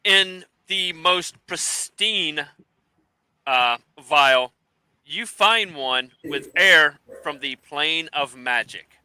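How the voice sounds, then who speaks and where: A man runs a tabletop game as dungeon master, narrating the scene in a bright, smooth, ringing voice. He halts and restarts often as he describes what the players find. The recording is dry and close. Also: a little high, expressive, dry recording. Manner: halting, full of fillers and restarts while describing scenes.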